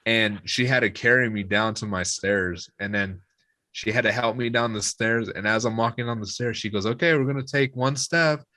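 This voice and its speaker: Low-voiced young man telling a drunk story. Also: normal speed, no room sound. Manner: swearing, lively retelling with quoted voices. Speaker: guest musician.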